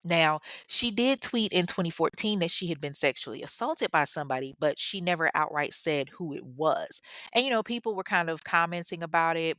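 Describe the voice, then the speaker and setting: A woman's voice: low voice, fairly bright tone, dry recording, clean studio sound. A young woman retelling a true-crime story in casual talk, blunt and profane, with mocking asides.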